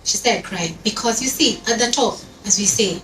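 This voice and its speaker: In an event hall full of people, a woman on a panel engages the audience, telling lively stories and slipping into Swahili now and then. Her voice is mid-range and her speed normal, while the distant recording picks up plenty of echo and noise.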